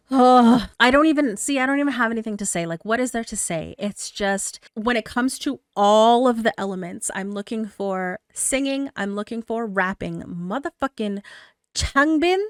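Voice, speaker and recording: A woman hosting a music reaction channel. She talks in casual commentary, gushing and excitable, swearing casually and swinging between hushed murmurs and loud bursts. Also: mid-range voice, no echo, clean studio sound.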